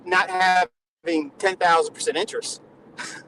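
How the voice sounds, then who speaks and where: A man's voice: sits high, steady tone, measured pace, bright, forceful tone, slight background noise, low-quality recording. A man with a nasal voice, lecturing in a mock-condescending way during a casual comedic panel chat.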